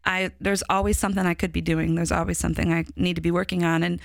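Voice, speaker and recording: A middle-aged woman with a faint Chicago accent speaks in a low, gravelly voice. She muses candidly on a podcast, often trailing off and starting her thought again. The sound is close and dry. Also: flat delivery, quick pace, no room sound. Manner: reflective, candid, trails off and restarts. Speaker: podcast co-host. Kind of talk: casual church podcast discussion.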